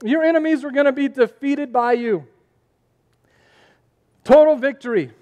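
Pastor, male, very high voice, lively preaching with questions to the crowd, reverberant hall. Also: normal speed. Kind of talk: sermon.

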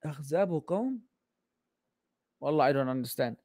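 Male Islamic teacher, bantering Q&A, high-pitched, dry close sound. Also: moderate pace, dry recording. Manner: joking, exasperated, teasing. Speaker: Islamic teacher answering questions. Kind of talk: casual livestream Q&A lesson.

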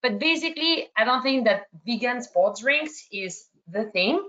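A woman's voice: on the high side, animated, a little slow, fairly bright tone, dull audio. A woman from France with a slight French accent, moderating an online webinar Q&A in a hesitant way, full of fillers and restarts.

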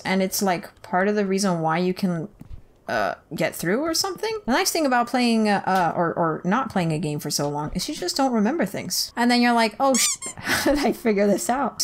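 A young woman giving silly let's play commentary, talking to the game's characters and pleading in squeals. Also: mid-range voice.

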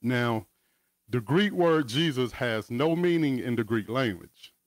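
A man leads a Bible teaching over a video call, mixing scripture readings with relaxed, chatty asides. His voice sits at an everyday middle pitch. The sound is dry and close, with no room echo. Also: a little slow. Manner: casual, asides and chuckles between scripture readings.

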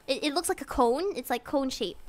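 A woman's voice: high-pitched, a little fast. A young woman from Singapore, streaming and chatting casually, giggly and rambling, often laughing. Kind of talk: casual livestream chat.

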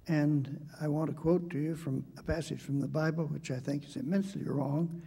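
An older man in a debate, telling a story from his childhood in a halting, reflective way with many hesitations. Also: on the high side, vocal fry, mellow, slightly rough. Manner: halting, with frequent hesitations and restarts.

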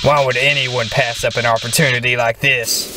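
A man's voice: mid-range voice, flat delivery, moderate pace, background noise, voice pushed down, lightly acted. A man voicing a flower creature that acts sweet but turns menacing, with a sugary folksy drawl. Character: sweet-then-sinister male flower creature. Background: game music.

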